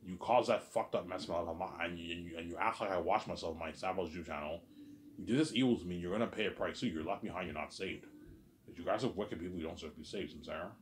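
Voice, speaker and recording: Deep-voiced man in a rambling monologue. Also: fast, a little hiss or hum. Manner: repetitive, often trailing off quietly; intense, swearing. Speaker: vlogger.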